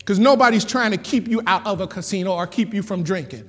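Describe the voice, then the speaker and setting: A male pastor preaching a lively sermon, repeating lines for emphasis and laughing often. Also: sits high, fast. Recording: long hall reverb.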